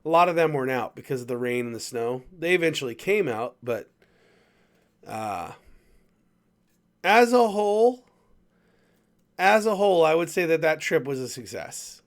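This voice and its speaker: A man hosting a podcast, telling a travel story in a rambling, animated way with plenty of restarts. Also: medium pitch, normal speed. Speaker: podcast host. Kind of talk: casual chat, storytelling.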